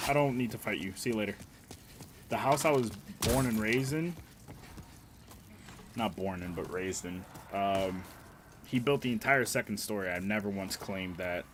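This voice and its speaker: A man's voice: on the low side, noisy background. A man streaming a game and bantering with his chat in a casual, sarcastic, profane way.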